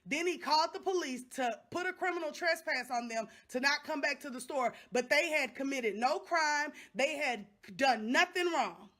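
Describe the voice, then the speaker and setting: Middle-aged woman, upset vlogger, impassioned and repetitive, higher pitched. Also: moderate pace, hardly any pauses, fairly bright tone. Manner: impassioned, repeats phrases for emphasis. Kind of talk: angry direct-to-camera vlog.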